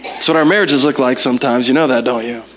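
A man from the United States in his forties, preaching a sermon as a pastor through animated, self-mocking stories, often repeating words as he starts a sentence. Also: mid-range voice, quick pace. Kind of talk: storytelling sermon.

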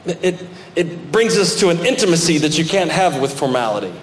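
A man's voice: on the high side, big pitch swings, brisk, a little hiss or hum. A male pastor preaching a sermon and reading scripture aloud, rising into emphatic bursts. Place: church sanctuary. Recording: echoey church hall with long reverb.

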